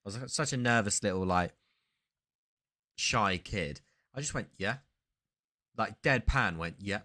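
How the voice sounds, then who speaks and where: A man with a fairly low voice hosts a relaxed live stream. He talks to the viewers in a loose, meandering way. He often breaks off mid-sentence to start over or spin a story. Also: unhurried. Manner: rambling, self-interrupting storyteller. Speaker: sports card streamer. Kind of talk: casual live-stream chat.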